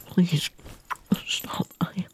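A man's voice: very slow, a little hiss or hum. A man in an intimate whispered role-play, speaking hesitantly to the listener and often dropping to a whisper.

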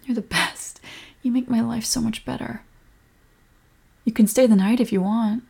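A young woman in a whispered role-play as a comforting girlfriend, speaking softly and protectively. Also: fairly high pitch, steady tone, moderate pace. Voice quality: breathy.

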